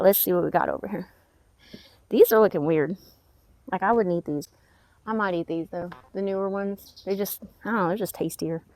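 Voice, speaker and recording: A woman's voice: mid-range voice, no room sound. A woman gives a casual walk-through of her backyard garden, chatting and muttering at her plants as she goes. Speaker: gardening vlogger.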